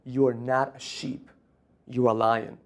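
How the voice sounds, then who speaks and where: A man's voice: mid-range voice, flat delivery, unhurried, natural voice. A man voicing a grown male lion who firmly tells a younger lion what he really is. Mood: insistent. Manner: firm, insistent. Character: stern grown male lion, commanding mentor.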